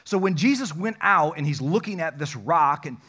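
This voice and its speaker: A pastor preaching a lively sermon, mixing scripture reading with jokes, swinging between loud and soft. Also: male voice, on the high side, normal speed, breathy edge. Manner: animated, jokey preaching with sudden loud and soft turns.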